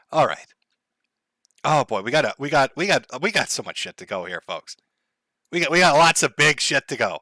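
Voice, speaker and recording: A man's voice: mid-range voice, sing-song, normal speed, pauses often, bright, forceful tone, dry recording. Sardonic laughing male streamer, dry mic. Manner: sardonic, laughs often, mock-dramatic. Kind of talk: casual live-stream talk. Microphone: headphones and desk mic.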